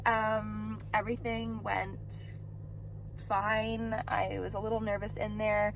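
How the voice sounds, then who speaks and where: A woman's voice: mid-range voice, little pitch movement, takes it slowly, gravelly, faint music behind. A young woman chatting candidly in a personal video diary with lots of fillers, filming herself on a phone in her car. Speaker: vlogger. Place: inside a car.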